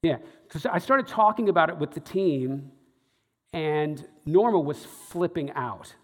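A man telling a long, rambling story live to a room, full of ums and restarts. His voice sits a bit high for a man. A long hall reverb trails after every line. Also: a little slow. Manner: rambling, lots of fillers and restarts, animated. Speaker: storyteller, stage show producer. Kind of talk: live anecdote to an audience.

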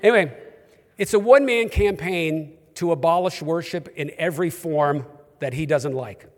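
New york pastor guy, kinda high voice, jokey storytelling sermon, long church echo. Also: normal speed, darkish tone. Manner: humorous, conversational storytelling. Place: church auditorium.

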